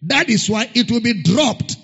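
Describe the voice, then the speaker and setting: A pastor preaching a sermon, emphatic and repetitive, sometimes singing words. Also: male voice, extremely high pitch, animated, a little slow, gravelly, fairly bright tone, slightly rough. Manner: emphatic, repeats key phrases, sings some words. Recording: dull lo-fi recording in a reverberant hall.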